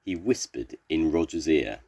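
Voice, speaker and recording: This is a grandfather figure reading a story to children, slow and full of expression. He is an older man whose deep, husky voice still shifts lively in pitch.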